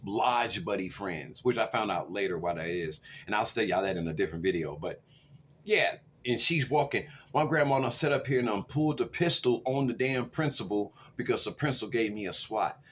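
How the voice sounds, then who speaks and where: A man in his forties spins a story casually to camera, voice swinging between quiet asides and loud, excited bursts. A faint background hiss sits under his medium-pitched voice. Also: brisk. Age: 40s. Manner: animated, swings from loud to hushed. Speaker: vlogger.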